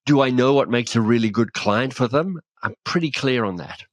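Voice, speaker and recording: A man being interviewed as a guest author, telling animated stories and acting out dialogue in a conversational podcast chat. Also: medium pitch, normal speed, no room sound. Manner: animated storyteller, acts out dialogue.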